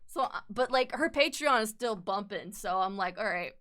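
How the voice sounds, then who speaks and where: A woman's voice: medium pitch, lively intonation, normal speed, a bit bright. A young woman streaming while she draws, rambling in casual chat, swearing freely and laughing often.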